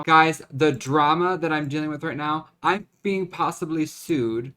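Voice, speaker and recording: A man's voice: on the high side, pushed and bright. A young man venting in a confessional vlog, dramatic and profane, often restarting and repeating himself. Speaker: vlogger.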